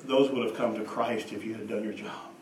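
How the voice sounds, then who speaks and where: A man preaching a sermon, telling stories and moving between hushed and emphatic delivery. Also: lowish voice, steady tone, a little fast, a little hiss or hum. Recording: echoey room, voice from a distance.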